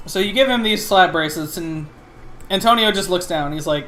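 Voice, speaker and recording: Hesitant game master, rambles and pauses a lot, medium pitch. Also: fairly bright tone, soft background music. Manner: rambling, hesitant, lots of fillers. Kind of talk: narrating a tabletop game.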